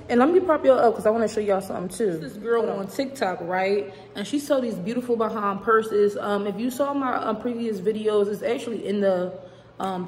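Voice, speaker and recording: A woman's voice: medium pitch, a little mellow, a little hiss or hum. A young woman vlogging casually at home, chatty and rambling, full of slang. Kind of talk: casual chat to camera. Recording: echoey room with long reverb.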